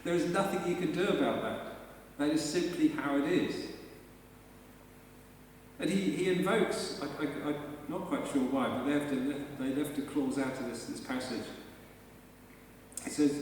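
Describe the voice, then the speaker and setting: A man's voice: a little high, normal speed, pauses often, a little mellow, a little hiss or hum. A man preaching a live sermon in a church, talking conversationally and emphatically and asking the congregation rhetorical questions. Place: large church, indoors. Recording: echoey church hall from far off.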